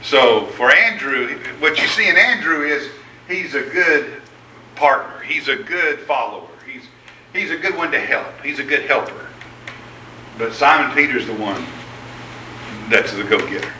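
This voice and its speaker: Bright-voiced man preaching in an echoey room. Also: medium pitch, a little slow, recorded from a distance, slight background noise. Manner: conversational, animated storytelling with voiced quotes. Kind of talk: sermon.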